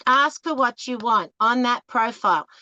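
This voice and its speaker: A woman's voice: a little high, normal speed, dry recording, dull audio. An Australian woman in her fifties, a relationship coach giving candid, emphatic advice and acting out other people's voices as she talks. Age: 50s. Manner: emphatic, animated, acts out quoted voices. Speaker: relationship coach, podcast guest.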